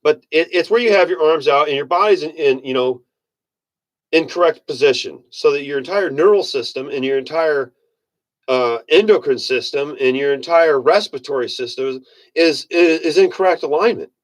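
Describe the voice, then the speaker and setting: A man's voice: a little high, moderate pace. A man giving a casual motivational monologue in a rambling, folksy manner, often correcting himself. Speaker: self-help speaker.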